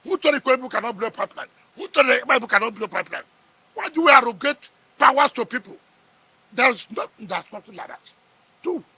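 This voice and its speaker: A man's voice: very high-pitched, creaky, sharp tone, breathy edge, no echo. A middle-aged man with a Nigerian accent, a politician sparring in a heated press interview, combative and scoffing, repeating his words.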